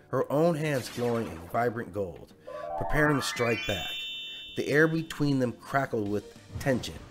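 Man, bedtime story narrator, dramatic storytelling, mid pitch, faint music behind.

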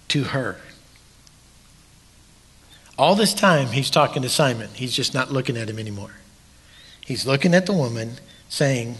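Slow husky-voiced preacher in reverberant hall. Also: male voice, mid-range voice, a bit bright. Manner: deliberate, emphatic preaching with drawn-out pauses. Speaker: pastor. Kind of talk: sermon. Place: church sanctuary. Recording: long church hall reverb.

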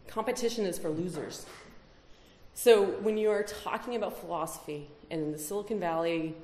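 A woman's voice: fairly low pitch, moderate pace, a little mellow, echoey room, a little hiss or hum. A woman giving a conference talk, emphatic, with rhetorical questions. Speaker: conference speaker. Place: conference hall.

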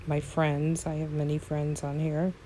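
A woman's voice: sits low, monotone, unhurried, dark tone, slight background noise, poor audio. A woman playing a horse game at home, commenting casually and fondly, exclaiming often and talking sweetly to her horses. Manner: frequent exclamations.

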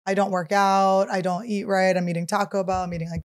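A woman in her thirties tells a funny story on her podcast in a loose, chatty way. Her pitch sits at an ordinary middle height. She slips in and out of other people's voices as she quotes them. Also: brisk. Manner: animated, acts out others' quotes, shrieks while teasing. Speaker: podcast host. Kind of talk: casual comedic storytelling.

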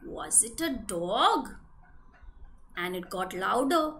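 A young woman preschool teacher with an Indian accent, telling a story to small children in an animated way, asking them questions and leading actions. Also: medium pitch, takes it slowly.

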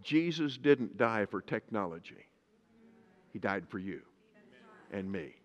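A man, a pastor, preaching a sermon in a lively way, reading scripture aloud in a slow, deliberate manner. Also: on the low side, dull audio. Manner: lively preaching, reads scripture slowly and emphatically. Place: church sanctuary. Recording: reverberant church hall.

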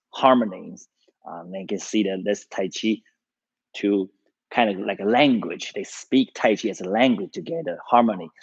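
A man's voice: fairly low pitch, no echo, muffled recording. A man with a Chinese accent, a tai chi teacher casually telling a story to his live-streamed class, with many fillers and easy laughs.

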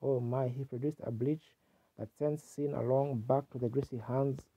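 A man's voice: mid-range voice, little pitch movement, normal speed, dark tone, husky. A man preaching a sermon with fervent exclamations, heard on a dull, lo-fi archival tape.

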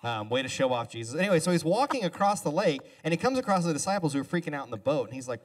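A male pastor giving a relaxed sermon as a two-person conversation, casual and chatty with joking asides. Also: a little high, fast, hardly any pauses. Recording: voice a bit far from the mic.

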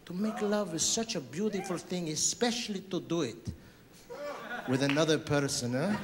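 Mock-sincere stand-up comic with a high voice. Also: male voice, moderate pace, noisy background. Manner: mock-sincere, fake-tender delivery building to outraged lists. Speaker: stand-up comedian. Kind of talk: stand-up routine. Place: concert hall stage. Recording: live club recording with loud crowd.

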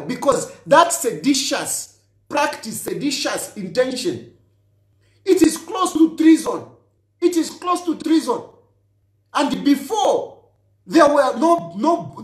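A man's voice: very high voice, echoey room. A man, a politician, gives a heated, accusatory monologue straight at his listener and hammers his points by repeating them. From Zambia. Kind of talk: impassioned direct-address monologue.

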